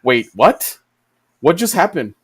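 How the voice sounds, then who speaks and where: Animated swearing storyteller man. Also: on the high side, slow, slightly rough. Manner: animated, swears freely, voices his own disbelief. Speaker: podcast co-host. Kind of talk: casual storytelling chat. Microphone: video call.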